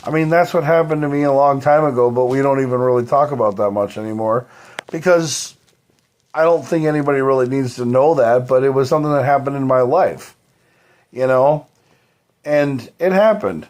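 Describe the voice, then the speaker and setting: A man's voice: medium pitch, moderate pace, darkish tone. A man on a live stream, rambling on at length, swearing freely and leaning on fillers like "you know" and "like". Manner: profane, rambling, heavy fillers.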